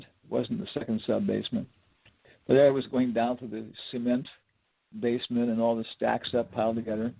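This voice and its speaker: A man's voice: medium pitch, gravelly, dry recording. A man teaching a scripture class, telling loose, rambling stories full of fillers and little chuckles. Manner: rambling storyteller, many fillers, chuckles often. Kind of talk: lecture on scripture with anecdotes. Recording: dull lo-fi dry lecture recording.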